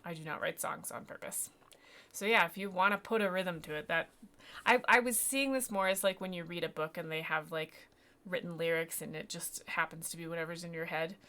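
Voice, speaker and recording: A woman's voice: fairly low pitch, a little fast, bright, forceful tone. A woman narrating as game master of a tabletop game, rambling and self-deprecating, with many fillers and restarts.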